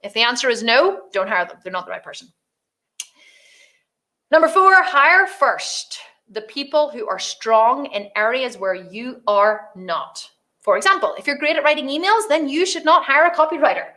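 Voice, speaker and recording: Brief: middle-aged female business coach, high voice, blunt, animated, swears freely. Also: moderate pace. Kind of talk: energetic business training talk.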